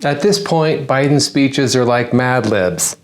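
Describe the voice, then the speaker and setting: A man's voice: medium pitch, takes it slowly. Sarcastic man doing a satirical monologue. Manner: sarcastic punchline delivery. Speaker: comedian hosting a news-parody segment.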